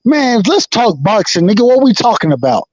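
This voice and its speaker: A man's voice: high-pitched, very animated, normal speed, a little mellow, no echo, muffled recording. A man on a boxing panel, bluntly and angrily telling another to drop the nonsense and talk boxing. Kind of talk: heated trash-talk banter.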